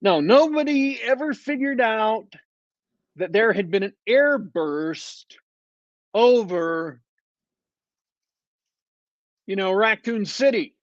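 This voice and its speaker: A man talks at an unhurried, drawn-out pace, sardonic and rambling as he reviews a show, filling gaps with ums and uhs. The sound is dry and a little muffled, like a plain home mic. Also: sits high, lively intonation, no echo. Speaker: podcast co-host reviewing shows. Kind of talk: casual podcast chat.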